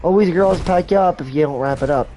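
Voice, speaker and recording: A man's voice: a little high, fast talker, mellow, a little hiss or hum. A man giving casual, rambling game commentary on a livestream, full of crude jokes.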